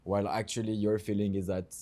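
A man with a French accent co-hosting a casual chat, relaxed and thoughtful. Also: fairly low pitch, quick pace. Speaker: podcast co-host.

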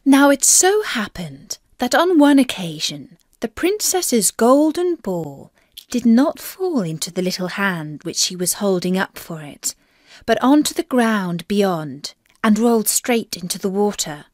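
Female storybook narrator for learners, slow and deliberate, dry close sound. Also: medium pitch, very animated, no echo.

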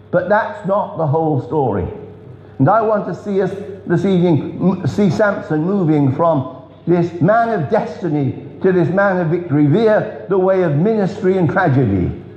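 A man preaching an earnest revival sermon, telling stories with emphatic pauses. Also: expressive, warm tone. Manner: earnest, storytelling, emphatic drops in pitch. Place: large church hall. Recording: echoey church hall, dull sound.

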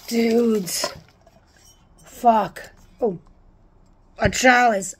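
A woman with a slightly high voice talks casually to her camera at home, gushing and excitable as she pulls things from a box. She swears freely and breaks into loud delight. A faint hiss sits under the recording. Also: extremely slow, pauses often. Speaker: unboxing vlogger. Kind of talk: casual unboxing chat.

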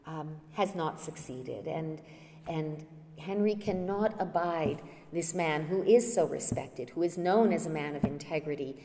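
A woman's voice: low-pitched, a little slow, warm tone, slight background noise. A woman giving a public lecture as a guest speaker, retelling a play scene in a storytelling manner with some hesitant fillers. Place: lecture hall. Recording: reverberant lecture hall.

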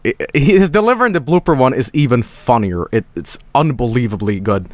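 Animated man streaming games. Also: mid-range voice, fairly quick, hardly any pauses, no echo. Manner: rambling, swears a lot, breaks into laughter. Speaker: game streamer. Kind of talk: casual live-stream commentary.

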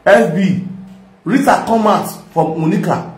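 A man's voice: on the high side, lively intonation, moderate pace, darkish tone, distant mic. A man with a Nigerian accent giving a mocking, rambling reaction commentary, laughing often. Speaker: social media commentator. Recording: echoey room, voice from off-mic.

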